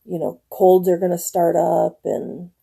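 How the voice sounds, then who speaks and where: Chatting from home with live viewers, this northern Michigan woman in her forties rambles and laughs often. Her voice is lowish, steady and measured, creaky, mellow and husky.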